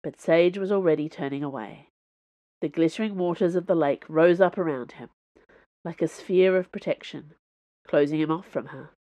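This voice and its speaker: A woman author reading her fiction aloud as a podcast host, in measured storytelling. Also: deep voice, dark tone, muffled recording. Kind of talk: audiobook narration.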